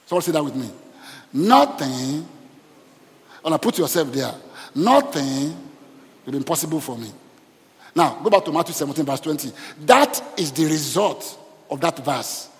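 Lively pastor in a reverberant hall. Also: male voice, a little high, moderate pace, long pauses. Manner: asks the congregation questions, preaching with call and response. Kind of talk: sermon. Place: church hall.

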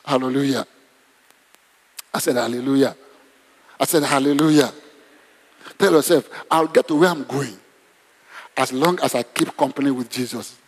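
A man preaching a sermon, animated and exclamatory, leading the congregation in prayer. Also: medium pitch, brisk, slightly rough. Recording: long reverb in a hall.

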